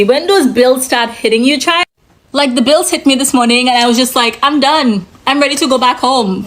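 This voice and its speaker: High, lively woman vlogger, emphatic and dramatic, venting to camera. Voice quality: dramatic, emphatic, lots of "child" and "like".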